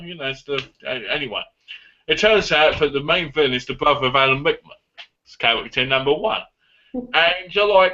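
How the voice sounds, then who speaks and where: A man chatting as a guest on a live online stream, excitable and rambling. His voice is bright and forward, coming through a computer mic with dull, lo-fi call audio. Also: fairly high pitch, moderate pace. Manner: excitable, rambling movie talk. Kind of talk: casual live chat.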